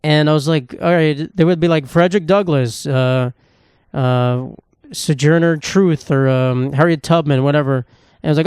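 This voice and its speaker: Podcast host, male, rambling and sarcastic, swears a lot, quick delivery with a slightly high voice, dry close sound. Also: darkish tone, clear, resonant tone, dry recording. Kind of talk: casual solo comedy podcast monologue.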